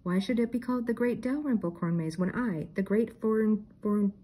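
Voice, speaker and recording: A woman's voice: medium pitch, normal speed, mellow, breathy edge, voice pushed up, lightly acted. A woman reading aloud and voicing a grandiose, self-important male artist in a children's mystery book. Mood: pompous. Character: eccentric pompous male artist.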